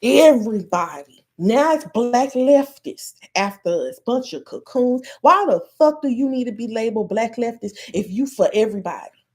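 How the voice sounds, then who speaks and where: An American podcast host from the United States launches into a heated, profane solo rant, hitting her points with blunt emphasis. Her voice sits on the high side, expressive, at a moderate pace.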